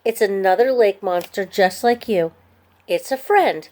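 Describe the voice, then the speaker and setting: A woman's voice: mid-range voice, measured pace, darkish tone, lightly acted. A woman voicing a plucky young girl who talks earnestly and insistently in a storybook reading. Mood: coaxing.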